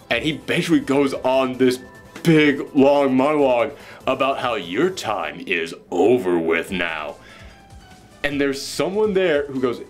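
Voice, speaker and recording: A man giving casual commentary as a comic book reviewer, animated and incredulous as he recaps the story. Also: medium pitch, measured pace, faint music behind.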